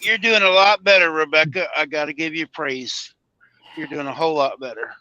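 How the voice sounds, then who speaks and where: A man's voice: on the high side, a little fast, sharp tone, dry recording. A man chatting casually on a livestream from his parked truck cab, greeting viewers by name. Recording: dull lo-fi sound.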